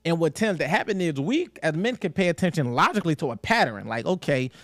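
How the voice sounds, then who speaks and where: Young guy on a podcast, kinda high voice, slangy, acts out quotes, dry close sound. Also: big pitch swings, fast talker, no room sound. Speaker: podcast host. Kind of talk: casual podcast chat.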